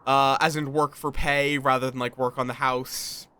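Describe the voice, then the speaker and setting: Faint music plays behind a tired man streaming a game, who chats casually and playfully slips into silly fake accents. His medium-pitched voice is level, smooth, bright and pushed, moving at a moderate pace.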